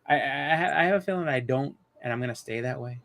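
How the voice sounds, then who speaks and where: A man in his thirties at mid pitch, hosting a live stream in loose casual chat. He rambles, stumbles over his words and restarts often while telling stories. His pitch sits right in the middle for a man. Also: fast talker, a bit bright. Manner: rambling, many restarts and fillers. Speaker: host of a live comics show.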